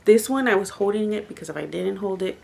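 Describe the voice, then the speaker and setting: A woman's voice: mid-range voice, expressive, fast talker, gravelly, darkish tone, a little hiss or hum. A woman reviewing books in a casual vlog, chatty and rambling, with lots of "like" fillers. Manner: chatty, rambling, heavy use of "like". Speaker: book reviewer.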